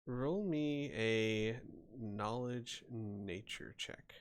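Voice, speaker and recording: A man narrating a tabletop game as game master, describing scenes in an unhurried way with frequent ums and uhs. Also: lowish voice, clear, resonant tone.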